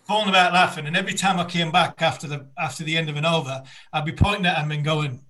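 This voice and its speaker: A man with a bright, forceful tone, interviewing a guest and drifting into long stories. He restarts sentences often and keeps the talk relaxed. His voice sits a little high. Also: fast, few pauses. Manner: anecdotal, rambling with restarts. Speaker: interviewer and former fast bowler.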